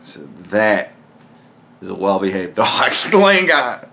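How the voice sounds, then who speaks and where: A man's voice: on the low side, very animated, takes it slowly, gravelly, a bit bright. A man talking alone in a casual podcast monologue, blunt and profane, rambling with frequent restarts. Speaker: podcast host.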